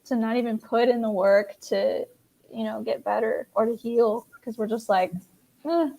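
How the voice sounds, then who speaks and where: A woman with a fairly high voice talks candidly in a casual faith-based conversation. She is open and pokes fun at her own habits. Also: level tone, normal speed, creaky, dark tone. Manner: candid, self-deprecating.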